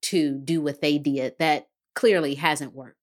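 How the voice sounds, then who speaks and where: Low-voiced woman giving calm advice. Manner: measured, explanatory. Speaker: guest therapist and author. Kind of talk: advice-giving podcast conversation.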